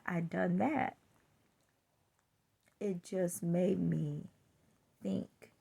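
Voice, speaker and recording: A woman's voice: a little high, creaky, a little mellow, breathy edge. A woman telling a personal story in a chatty way, laughing now and then and acting out what people said. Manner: chatty, laughs while telling, acts out quotes.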